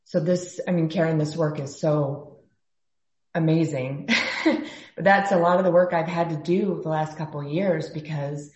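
A woman's voice: low-pitched, fairly even intonation, moderate pace, reverberant. A woman in a group video call sharing a personal story earnestly, often trailing off into fillers. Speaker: workshop participant.

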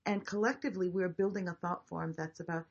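A woman facilitating a group discussion, reflective and encouraging, talking in halting restarts. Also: lowish voice, steady tone, slightly rough, highs cut off.

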